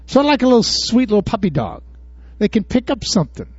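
A high-voiced male pastor preaching in a lively, swooping, folksy style and peppering the congregation with rhetorical questions. The recording is dull and lo-fi, with a dry, close sound. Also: fast talker, dry recording. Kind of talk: sermon.

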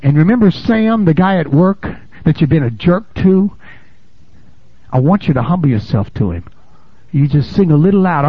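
A man preaching with a husky, slightly breathy voice that sits a touch high and leaps around in pitch. He talks to his congregation in a lively, chatty way and asks "amen?" often. The recording is dull and lo-fi. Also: a little fast, no echo. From United States. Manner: animated, conversational, laughs and asks "amen?". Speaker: pastor. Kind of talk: preaching a sermon.

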